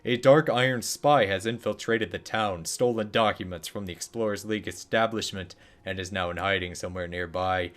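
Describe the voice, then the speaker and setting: A man voicing a neutral male news anchor reading out a notice, in an even, formal delivery. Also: fairly low pitch, normal speed, few pauses, lightly acted.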